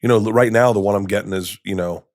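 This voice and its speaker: A man in his fifties, a comedian guest telling stories in a podcast interview, rambling and animated, acting out quoted lines with many restarts. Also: on the low side, fast, no room sound, clean studio sound. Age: 50s. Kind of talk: candid storytelling in conversation. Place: podcast studio.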